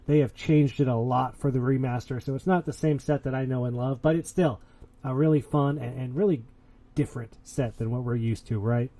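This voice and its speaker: A man's voice: medium pitch, fairly even intonation, a little fast, dark tone. A man hosting a casual podcast, talking in a boastful, hyped-up, playful way. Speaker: podcast host.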